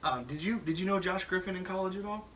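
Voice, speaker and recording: A man appearing as a guest on a casual podcast, his voice somewhat high and bright. He tells stories in an animated way, swears and laughs often. He is recorded from a little distance. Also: quick pace, slight background noise. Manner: animated, profane storyteller who laughs often. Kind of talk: casual chat.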